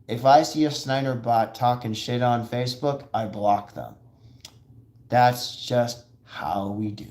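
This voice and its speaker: A man hosting a live show, talking in rambling, excitable casual commentary and acting out quoted voices as he goes. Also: medium pitch.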